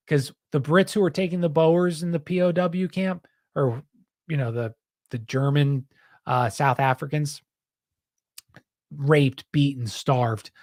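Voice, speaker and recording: A man's voice: fairly high pitch, no room sound, clean studio sound. A man hosting a podcast, talking in a rambling, heated, casual way and often saying "dude". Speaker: podcast host.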